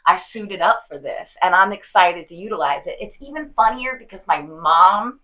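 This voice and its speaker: Bright, effusive female podcast host. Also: fairly low pitch, animated, moderate pace, poor audio. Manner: effusive, laughs often, says "like" a lot. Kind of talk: casual spiritual chat.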